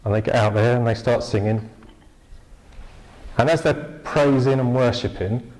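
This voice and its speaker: A man preaching a sermon in a relaxed, conversational way, telling stories with lively bursts and restarts. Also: lowish voice, a little hiss or hum, poor audio. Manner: conversational, animated storytelling with restarts. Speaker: pastor.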